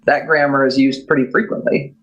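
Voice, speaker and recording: A man chatting casually while playing a game, with dry, low-key remarks. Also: fairly even intonation, a little fast, fairly bright tone, lo-fi sound. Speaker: co-player. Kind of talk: casual let's play chat.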